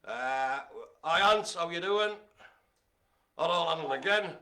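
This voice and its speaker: A middle-aged man hosting a live bingo game, chatty and jokey, speaking to his audience as ladies and gentlemen. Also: a little high, a little slow. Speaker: bingo caller and host.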